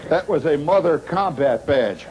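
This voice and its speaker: A middle-aged man holds a live audience with a wry, rambling comic monologue, his pitch swinging high and low as he leans into sound effects and pauses. He speaks unhurriedly and sits fairly high for a man. The 1970s live recording is noisy, with a lively crowd around him. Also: dull audio. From Indiana, United States. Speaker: storyteller performing to a live audience.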